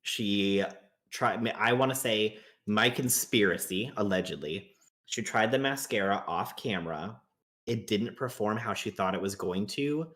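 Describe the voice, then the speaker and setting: A male guest commentator speaking on a live stream in a low voice. He explains things emphatically, with an animated push behind his points. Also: unhurried. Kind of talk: casual commentary chat.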